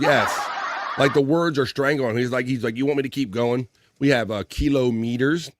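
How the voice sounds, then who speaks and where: A man's voice: mid-range voice, a little fast, dry recording, clean studio sound. A man hosting a casual daily live show, upbeat and reading viewer comments aloud. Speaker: livestream host. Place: home studio.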